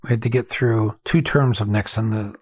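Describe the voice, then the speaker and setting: An older man from Michigan hosting a podcast, talking in a casual, wry and animated monologue, chuckling at his own points. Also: fairly low pitch, moderate pace, husky, dry recording. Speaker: podcast host.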